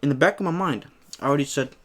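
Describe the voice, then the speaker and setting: This young mukbang host races through a story as he eats on camera, animatedly acting out a shop argument and swearing freely in a casual tone. His pitch is fairly high.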